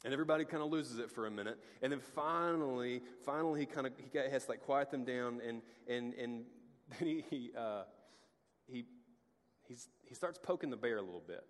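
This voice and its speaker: A pastor giving a casual, conversational sermon, full of restarts and acted-out asides. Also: male voice, medium pitch, brisk. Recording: long hall reverb.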